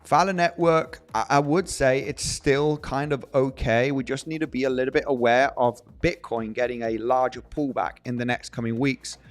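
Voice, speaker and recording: A young man hosting a live trading stream, reading viewer comments aloud in an animated, joking way, often restarting his sentences. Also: medium pitch. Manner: animated, jokey, many restarts. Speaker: livestream host.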